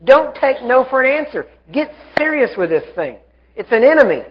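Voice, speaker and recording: High-voiced man preaching fervently. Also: very animated, moderate pace. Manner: fervent, commanding, rising to shouts. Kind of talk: sermon. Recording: dull lo-fi live recording.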